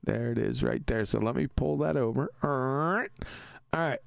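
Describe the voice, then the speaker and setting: A man's voice: mid-range voice, normal speed, creaky, clean tone, dry recording. A man hosting a casual live stream, talking in an emphatic, argumentative way and laughing easily.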